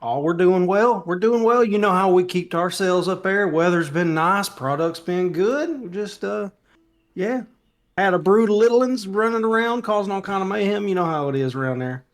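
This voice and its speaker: Man playing a backwoods peddler, courteous, fairly high voice. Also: normal speed, soft background music. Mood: genial. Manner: drawling, polite "sir" and "reckon". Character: folksy backwoods male peddler, courteous and genial.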